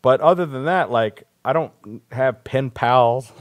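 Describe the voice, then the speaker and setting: A man's voice: medium pitch, measured pace, dry recording. Blunt, profane male talk show host. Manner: blunt and profane, rambling asides. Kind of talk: casual live-stream rant.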